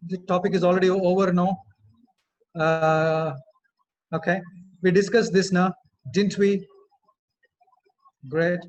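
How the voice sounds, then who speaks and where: A man's voice: sits high, normal speed. A man with an Indian English accent giving an earnest webinar lecture to students, talking with frequent fillers and asking the audience questions, over a dull lo-fi online line. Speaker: communication skills trainer. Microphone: video call.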